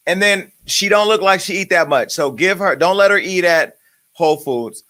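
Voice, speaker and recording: A man's voice: high voice, lively intonation, normal speed, pushed and bright. A man hosting a celebrity gossip show, ranting crudely and brashly with a stream of insults. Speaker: host. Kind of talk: profane comedic celebrity gossip.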